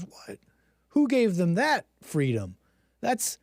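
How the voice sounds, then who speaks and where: A man's voice: on the high side, expressive, normal speed, a little mellow, no room sound, studio quality. Rambling sarcastic man on a livestream. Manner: rambling, sarcastic, mocks others with exaggerated gasps. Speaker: livestream host. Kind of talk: casual livestream commentary.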